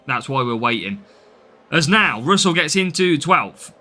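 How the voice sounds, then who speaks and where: Midlands man streaming live, young adult, very bright and cutting tone, slightly high voice, chatty, keeps greeting viewers. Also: big pitch swings, a little slow, faint music behind. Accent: English Midlands. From English Midlands. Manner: chatty, reads out and answers viewer names. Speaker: game streamer. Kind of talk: live game commentary.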